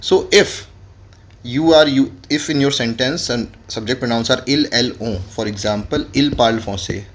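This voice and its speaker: A man's voice: medium pitch, moderate pace. A man, teaching French grammar in a classroom lesson and spelling words out letter by letter. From India.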